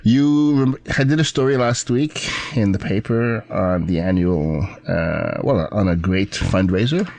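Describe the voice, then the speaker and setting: A man co-hosting a radio talk show, jovial and quick to laugh. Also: lowish voice, animated, a little mellow. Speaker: radio co-host, features editor. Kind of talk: casual radio chat.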